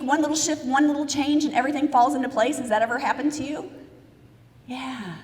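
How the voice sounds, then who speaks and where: An American woman giving a lively live keynote speech, telling a story and questioning and directing her audience. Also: sits high. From United States. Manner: energetic storyteller, asks audience questions, gives instructions. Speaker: motivational keynote speaker. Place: large event hall with audience. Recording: reverberant hall sound.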